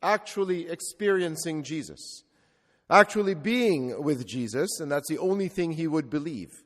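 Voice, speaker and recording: A man's voice: on the high side, animated, normal speed. A male Catholic priest preaching a sermon with reflective storytelling and rhetorical repetition. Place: church. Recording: long reverb of a large church.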